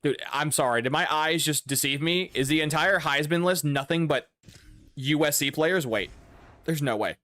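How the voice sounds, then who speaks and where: A young man giving casual, excitable gameplay commentary, swearing and breaking into loud outbursts. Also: on the high side, normal speed, dry recording. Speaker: gaming YouTuber.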